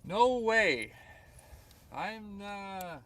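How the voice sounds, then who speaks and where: A young Canadian man with a high-sitting voice talks very slowly while livestreaming a fishing trip outdoors by the water at sunrise. He casually reads out viewers' chat messages and answers them, full of fillers.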